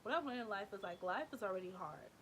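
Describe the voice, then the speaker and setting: A woman in her twenties telling a personal story on her vlog, with animated and emphatic delivery full of "like". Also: medium pitch, fast, slight background noise. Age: 20s. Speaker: vlogger.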